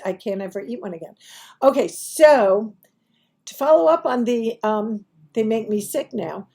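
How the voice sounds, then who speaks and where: A woman's voice: medium pitch, normal speed, darkish tone, husky. A woman from Brooklyn with a New York accent, telling stories to her YouTube viewers from home in a chatty, digressive way with self-mocking asides. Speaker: YouTube host. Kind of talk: casual storytelling to camera.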